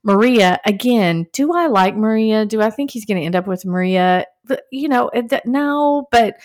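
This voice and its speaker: Woman gossiping about a dating show, jumps way up high when she acts out quotes, super animated. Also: moderate pace. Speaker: podcast co-host. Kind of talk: casual reality TV recap chat.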